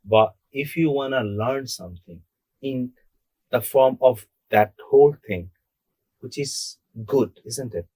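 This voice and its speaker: A young man talks through his views in a casual podcast chat. He sits in the middle of the male pitch range and keeps pressing his points by asking himself questions and answering them. The sound is close and dry, with hardly any room in it. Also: animated, slow pace, warm tone, breathy edge, no room sound. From Bangladesh. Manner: emphatic, asks rhetorical questions and answers them. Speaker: podcast co-host. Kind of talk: casual discussion.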